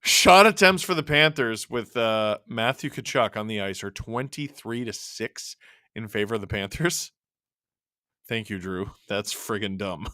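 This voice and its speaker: A man hosting a live stream, casually calling a hockey game and chatting, his voice worn a little deeper from long talking. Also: expressive, unhurried, sharp tone, dry recording, studio quality. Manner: chatty, reacting to the game and chat as it happens. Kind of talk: casual live play-by-play and chat.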